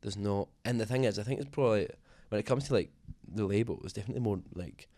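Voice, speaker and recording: A man's voice: fairly low pitch, fast talker, warm tone. A man being interviewed as a singer, talking casually in a rambling, self-deprecating way with many fillers and restarts.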